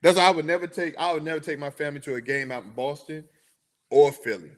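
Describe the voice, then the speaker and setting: Young man, sports podcast host, rambling animated chat, slightly high voice. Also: fast. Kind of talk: casual chat.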